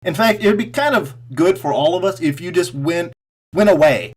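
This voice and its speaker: A man giving an angry, profane political rant straight to camera, sarcastic and mocking, swinging between loud outbursts and muttered asides. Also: high voice, animated, moderate pace, husky. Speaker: political commentary vlogger.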